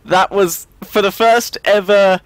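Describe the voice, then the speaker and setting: A man's voice: high voice, fairly even intonation, slow pace, no room sound. A man hosting the show, amused and congratulatory as he wraps things up. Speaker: show host. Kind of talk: hosting sign-off.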